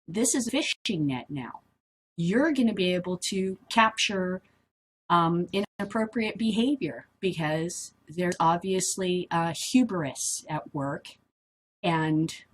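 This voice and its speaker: A woman's voice: lowish voice, measured pace, slightly rough. Rambling middle-aged woman vlogger. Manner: rambling, easily sidetracked, blunt and swearing. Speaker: vlog host reading and commenting on news. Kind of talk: casual commentary.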